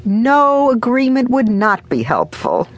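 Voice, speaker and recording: A woman narrating her parenting audiobook in a conversational, wry, expressive manner. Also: on the high side, takes it slowly, faint music behind. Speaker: author and narrator.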